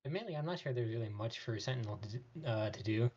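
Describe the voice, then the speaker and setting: A man's voice: medium pitch, lively intonation, fast, a little mellow, breathy edge, dull audio. A man playing in a tabletop game, unsure and thinking aloud as he decides what to do. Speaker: player. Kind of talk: casual tabletop play.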